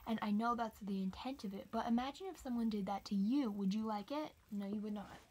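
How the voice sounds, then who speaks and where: A teenage girl telling a rambling storytime for her channel, chatty with many fillers and soft whispered asides. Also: mid-range voice, fairly quick, breathy edge. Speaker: vlogger. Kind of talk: casual storytime.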